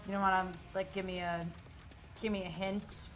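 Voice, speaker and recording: A woman's voice: medium pitch, flat delivery, moderate pace, soft background music. A woman playing a tabletop role-playing game, casual and laid-back, filling her talk with "like". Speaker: player.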